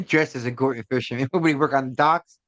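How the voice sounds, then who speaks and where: A man's voice: medium pitch, fast talker, a bit bright, no echo. Laid-back man with a dry sound. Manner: laid-back, laughing, reactive listener. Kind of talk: casual chat.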